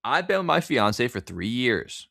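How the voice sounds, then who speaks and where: A man co-hosting a podcast in casual chat, animated and swearing as he reads out internet stories. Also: mid-range voice, a little slow, vocal fry, dry recording, clean studio sound. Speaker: podcast co-host.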